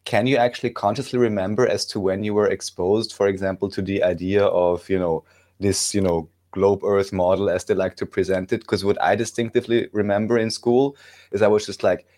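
A male interviewer with a lowish voice. He asks long, winding questions that are padded with fillers. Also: fairly even intonation, fairly quick, a little mellow. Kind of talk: casual interview.

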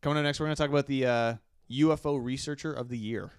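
A man's voice: medium pitch, steady tone, quick pace, clear, resonant tone, no room sound, clean studio sound. A man co-hosting a crude, joking chat show and reading listener letters aloud. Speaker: radio show co-host.

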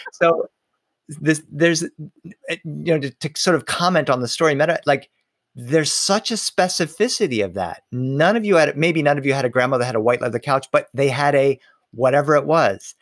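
A middle-aged man and storyteller speaking in a lively, conversational way, slowing down to linger on details. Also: fairly high pitch, no room sound, clean studio sound. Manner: animated, slows down on details, many restarts. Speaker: storyteller and author.

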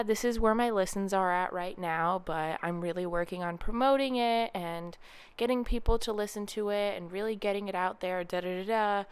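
A woman's voice: clean tone, no echo. Chatty sarcastic young woman podcaster. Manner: chatty, sarcastic and petty, mimicking others in a high voice. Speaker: podcast host. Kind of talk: casual podcast rant.

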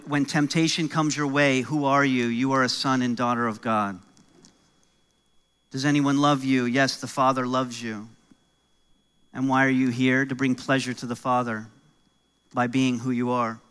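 Bright-voiced american pastor preaching. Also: male voice, mid-range voice, clean tone. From New York. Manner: conversational preaching with jokes and rising emphasis. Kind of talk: sermon.

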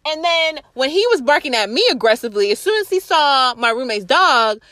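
A young woman vlogger telling a story in a casual, profane, animated way, often laughing. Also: high voice, a little fast, no room sound.

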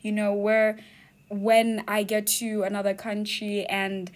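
A woman's voice: mid-range voice, monotone, takes it slowly. A young woman from Botswana hosting a podcast in casual chat. She laughs often and keeps asking "you know what I mean". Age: young adult. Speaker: podcast host.

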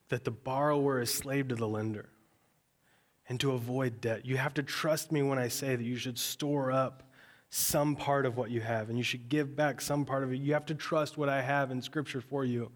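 A man in his thirties preaches to his congregation in a relaxed, conversational tone. His voice sits at an ordinary middle pitch, and he talks as if he is chatting with friends. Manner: conversational, storytelling with acted quotes. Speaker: pastor. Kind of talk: sermon.

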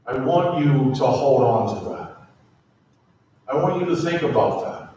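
A man's voice: medium pitch, animated, measured pace, pauses often, warm tone. A man preaching a sermon in a church, earnestly asking the congregation to repeat lines to their neighbors. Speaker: pastor. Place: church sanctuary. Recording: echoey sanctuary from far off.

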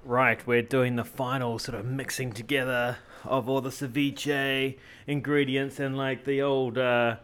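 A man's voice: mid-range voice, flat delivery, a little slow, few pauses, fairly bright tone, clean tone. Rambling, jokey man. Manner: rambling and jokey, with lots of fillers and restarts. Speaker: travel vlogger and host. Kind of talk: casual travel cooking vlog.

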